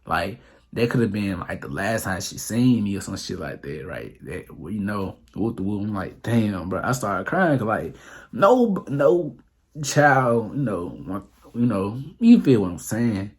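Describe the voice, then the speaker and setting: Young man, husky voice, lowish pitch, rambling profane storytime vlog, lots of fillers. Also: big pitch swings, a little slow. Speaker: vlogger. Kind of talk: casual storytime monologue.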